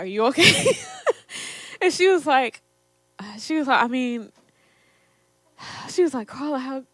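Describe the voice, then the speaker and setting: A woman's voice: on the high side, a bit bright, dry recording. A young woman in her twenties, co-hosting a podcast and telling a personal story in casual chat, laughing often. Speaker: podcast co-host.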